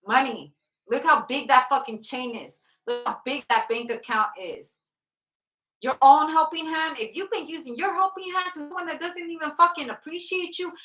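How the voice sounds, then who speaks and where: A woman with a high, sharp voice gives a laid-back tarot reading full of blunt profanity and frequent laughs. She's recorded off-mic, leaving a roomy sound.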